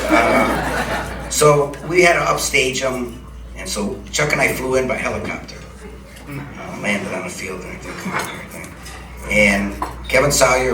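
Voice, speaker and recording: A man's voice: lowish voice, background noise. An older man from Cleveland, a television personality, telling rambling anecdotes to a live supper club audience with plenty of chuckling. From Cleveland, USA. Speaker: TV personality telling stories on stage. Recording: echoey club from a distant mic, audible ambience.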